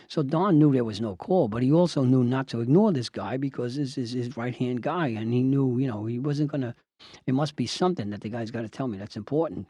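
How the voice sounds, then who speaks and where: An older man, a retired judge, tells wry, animated anecdotes and acts out the people he quotes. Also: medium pitch, fairly quick, slightly rough, no echo, studio quality. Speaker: retired judge and lawyer telling stories. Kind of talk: anecdotal storytelling.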